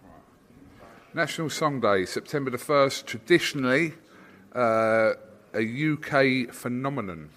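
Man, sports interviewer, bright tone, playful ribbing. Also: mid-range voice, unhurried. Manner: teasing, playful banter. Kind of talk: casual interview chat.

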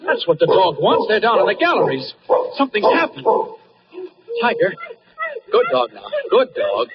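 A man's voice: high voice, huge pitch swings, normal speed, over a noisy crowd. An actor playing Superman in his everyday guise, urgently coaxing a dog to lead him, in 1940s radio acting on a muffled old recording. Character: Superman as Clark Kent, adult man, earnest hero.

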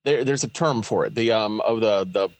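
A man's voice: lowish voice, normal speed, no echo. A man co-hosting a podcast in casual chat, joking and rambling while he searches for words. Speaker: podcast co-host.

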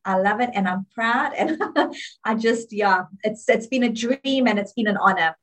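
A woman's voice: mid-range voice, moderate pace, rough recording. A woman with a South African accent, a podcast guest talking effusively and laughing often in a casual interview. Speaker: podcast guest, jewelry business owner.

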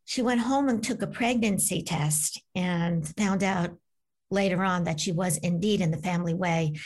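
A woman's voice: fairly low pitch, normal speed. Woman author-guest, chatty storyteller, acts out the voices. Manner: animated, acts out voices in her stories. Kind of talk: conversational storytelling.

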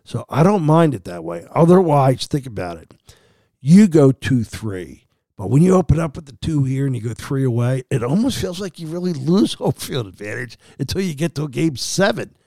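A man hosting a sports podcast, with a gravelly voice at an ordinary pitch. He rambles through a loose monologue full of fillers and restarts. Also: sing-song, normal speed, mellow, dry recording, studio quality. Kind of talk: casual sports talk monologue.

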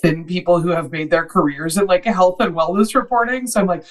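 A woman's voice: lowish voice, brisk, few pauses, far from the mic, poor audio. A woman in her thirties, a guest author on a podcast, chatty and full of "like". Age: 30s. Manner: chatty, peppered with "like". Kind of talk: podcast interview.

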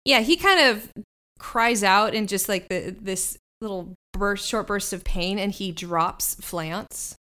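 A woman's voice: mid-range voice, slow, pushed and bright. A woman narrating a tabletop game as game master, describing scenes unhurriedly with fillers.

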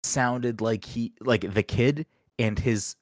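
A man's voice: mid-range voice, slow, a little mellow, no echo, clean studio sound. A man co-hosting a casual podcast chat, blunt and emphatic, swearing freely. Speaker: podcast co-host.

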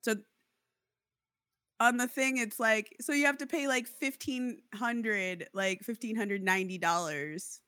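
A woman's voice: on the high side, a little slow, no echo, clean studio sound. A woman in casual chat, angrily telling a story about a landlord dispute and acting out both sides. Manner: indignant, animated storytelling with mock quotes. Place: Seattle area.

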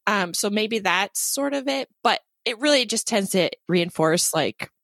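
A woman in her thirties co-hosting a casual chat podcast, animated and sarcastic, laughing often. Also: medium pitch, measured pace, no echo. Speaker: podcast co-host.

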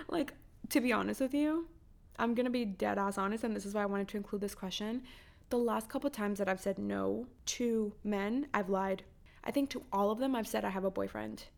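With a fairly high, gravelly voice that runs a little fast, this young podcast host dishes out blunt dating advice. She chats casually, curses freely, and keeps throwing out emphatic rhetorical questions.

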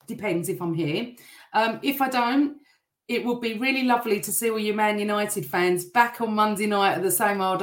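A middle-aged woman hosting a live stream, chatting and greeting viewers by name while reading their comments, her voice still a little rough. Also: medium pitch, reverberant.

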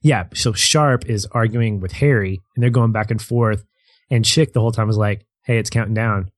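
A man's voice: on the low side, moderate pace, no echo. A man co-hosting a casual movie discussion, thoughtfully recalling scenes at length. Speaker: podcast co-host.

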